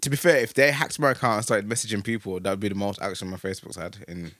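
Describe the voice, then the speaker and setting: A man's voice: lowish voice, steady tone, quick pace, a bit bright, no echo, clean studio sound. A man co-hosting a podcast, joking in casual banter. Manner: joking, self-mocking banter. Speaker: podcast co-host. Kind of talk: casual chat.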